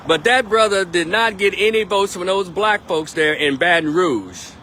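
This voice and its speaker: A man's voice: high voice, expressive, normal speed, pushed and bright, a little hiss or hum. A man giving a blunt, emphatic political monologue on a live stream, repeating his points.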